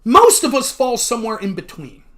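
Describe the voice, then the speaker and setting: A man hosting a livestream, talking casually in a blunt, profane rant and pausing to thank chat viewers. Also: very high voice, sing-song, fairly bright tone. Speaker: livestream host.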